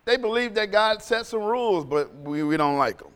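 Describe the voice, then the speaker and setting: A man's voice: high voice, lively intonation, moderate pace, fairly bright tone, clean tone, in a large hall. A male pastor preaching a sermon in a conversational, storytelling way, often repeating phrases.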